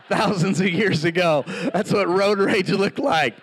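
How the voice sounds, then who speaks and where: A man preaching a sermon, telling stories with lively acted-out quotes. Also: high voice, slightly rough. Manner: animated storytelling with acted-out quotes.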